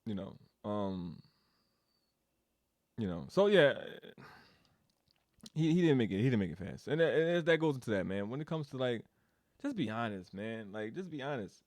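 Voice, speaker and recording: A man giving a casual developer update, telling a story in an animated, ranting way, laughing often and swearing. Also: medium pitch, normal speed, long pauses, no room sound.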